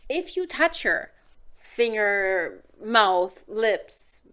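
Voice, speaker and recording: A woman's voice: medium pitch, very animated, very slow, a bit bright, clear, resonant tone. Frank German woman giving casual advice. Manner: chatty, frank, acts out little scenes in silly voices. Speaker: hypnotist and sex advisor. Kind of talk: casual direct-to-camera advice.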